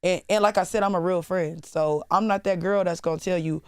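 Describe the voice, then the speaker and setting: A woman's voice: medium pitch, fairly quick, hardly any pauses, darkish tone, smooth, no room sound, clean studio sound. A woman rapper as interview guest, talking candidly in casual chat, swearing freely and turning dramatic at times. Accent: Southern US.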